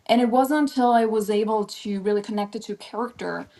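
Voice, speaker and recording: A woman's voice: medium pitch, a little fast, mellow. A woman with a non-American accent, an actor guest giving thoughtful, lengthy interview answers.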